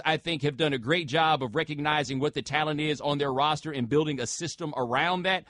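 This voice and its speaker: A man's voice: fairly high pitch, fairly bright tone. Joking man hosting sports talk radio. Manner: loose and joking, slangy asides like "bro" and "man". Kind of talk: casual talk radio, taking calls. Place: radio studio. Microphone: studio microphone.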